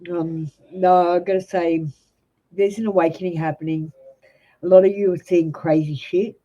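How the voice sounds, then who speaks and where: A woman's voice: lowish voice, steady tone, normal speed, mellow, highs cut off. An Australian woman reading tarot live and chatting casually with viewers, blunt and talkative, now and then swearing. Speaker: tarot reader.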